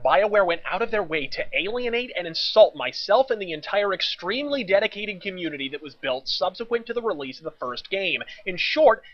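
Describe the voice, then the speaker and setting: A male game reviewer delivering a scripted rant, high-voiced and sardonic. He leans into crude hyperbole and swearing. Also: fairly bright tone, highs cut off.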